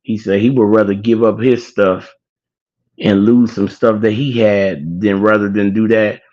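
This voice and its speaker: A man casually retelling a movie plot, a little wheezy and out of breath, now and then acting out lines in a high excited voice. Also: measured pace. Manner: animated storyteller, acts out quotes in a high excited voice. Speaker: online show host. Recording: dull lo-fi sound.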